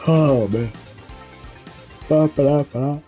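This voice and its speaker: A man's voice: fairly high pitch, takes it slowly, mellow, faint music behind. A young adult man streaming a video game, chatting in a laid-back, slangy, joking way. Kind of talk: casual gaming stream chat.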